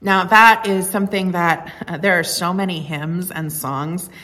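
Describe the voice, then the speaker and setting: A woman with a fairly low voice preaches a sermon in an easy, conversational way. She is earnest and reflective, and she eases into personal stories with a light touch of humor. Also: fairly even intonation, a little slow, pushed and bright. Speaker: pastor.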